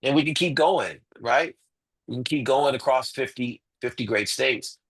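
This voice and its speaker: A man's voice: mid-range voice, normal speed, fairly bright tone, slightly rough, rough recording. A man as an interview guest, making his case emphatically with rhetorical questions and repeated points. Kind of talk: impassioned interview talk.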